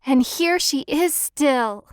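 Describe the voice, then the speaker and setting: Woman putting on a tiny baby bear, squeaky shrill storybook voice, very high, words drawn out slowly. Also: lively intonation, dry recording, clean studio sound. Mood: delighted. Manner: drawn-out and plaintive. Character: small shrill young male baby bear.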